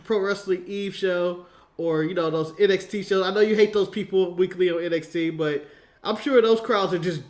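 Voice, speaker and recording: An American man co-hosting a casual chat show, telling animated stories and laughing a lot. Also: sits high, normal speed. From United States. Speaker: podcast co-host.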